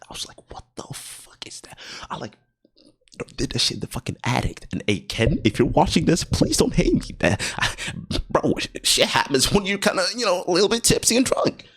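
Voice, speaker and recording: A man's voice: mid-range voice, animated, a little fast, a bit bright, husky. A young man vlogging a casual storytime, slangy and profane, laughing often and sometimes dropping to a near-whisper.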